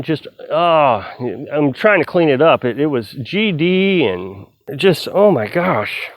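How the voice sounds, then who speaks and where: A man's voice: fairly high pitch, expressive, unhurried, no room sound. A man vlogging outdoors while cutting firewood, talking casually to the camera in a rambling way, restarting his sentences as he retells a story. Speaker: vlogger on off-grid living.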